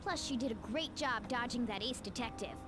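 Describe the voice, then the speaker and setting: A woman voicing a small, fussy and protective talking cat in a video game, heard as quiet game audio under music. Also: a little high, brisk, noisy background, close to an everyday voice.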